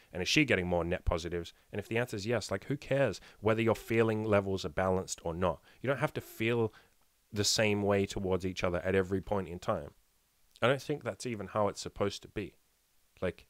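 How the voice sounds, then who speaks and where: A man's voice: fairly low pitch, fairly bright tone, dry recording, clean studio sound. A man in his thirties, a dating coach talking bluntly and profanely on a casual podcast, with emphatic rhetorical questions. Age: 30s.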